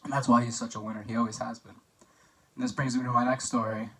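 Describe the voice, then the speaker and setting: Young guy, best-man toast for a class, joking and rambling, bright voice, mic at a distance. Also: medium pitch, little pitch movement, fast, slight background noise. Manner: chatty and joking, with filler words and anecdotes. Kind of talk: mock wedding toast for a class assignment.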